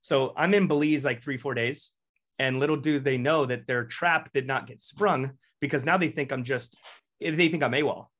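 A man's voice: mid-range voice, normal speed. Profane young Texan man telling stories. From Texas. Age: young adult. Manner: profane, animated anecdote-telling with acted quotes. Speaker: guest, Marine veteran. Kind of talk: casual storytelling.

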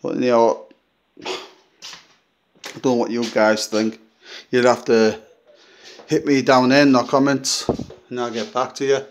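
A man chatting casually on a vlog, rambling and restarting as he tells a story while filming his own flat. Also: medium pitch, takes it slowly, long pauses, slight background noise. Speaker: vlogger.

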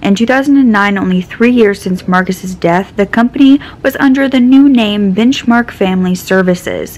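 A woman reading scripted true crime narration. She explains one fact after another in a steady, even manner and a mid-pitched voice. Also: normal speed, low-quality recording.

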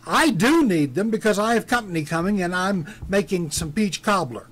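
A man's voice: sits high, lively intonation, moderate pace. A man voicing a brash, greedy, self-righteous peach grower who talks in an indignant, blustering way. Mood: defiant.

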